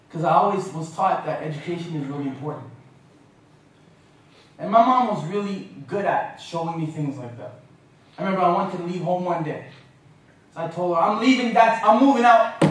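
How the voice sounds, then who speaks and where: A man giving a lecture, telling humorous stories in an animated way and laughing often. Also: fairly high pitch, normal speed, pauses often. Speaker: guest speaker. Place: university lecture hall. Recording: echoey lecture hall from far off.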